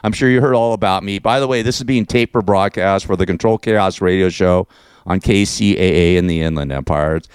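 A man's voice: low-pitched, brisk, clear, resonant tone, dry recording, clean studio sound. A man hosting a talk radio show, ranting in a mocking, profane way and laughing at his own jokes.

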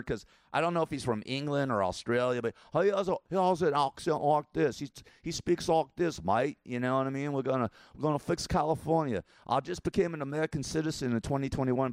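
Smooth-voiced man around sixty, rambling. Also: on the high side, no room sound, clean studio sound. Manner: rambling, repeats himself, chuckles often. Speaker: show host. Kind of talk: casual political commentary.

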